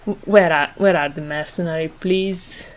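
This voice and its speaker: A blunt, probing male police detective, read by a woman. He fires off short, direct questions in a lowish, plain voice. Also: fairly even intonation, moderate pace, a little hiss or hum, lightly acted.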